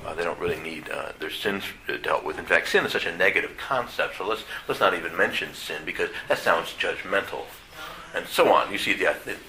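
Middle-aged male priest, church sermon, conversational and blunt; very low, forceful voice. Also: slight background noise, rough recording. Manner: plain-spoken, conversational, halting with restarts. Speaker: Catholic priest.

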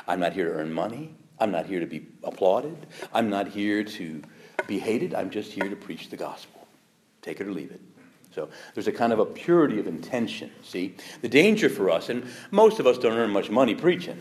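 A man, a priest, teaching fellow preachers in a lively storytelling way, acting out quoted voices and laughing along. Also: fairly low pitch, normal speed, a little hiss or hum. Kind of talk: teaching talk to clergy with anecdotes.

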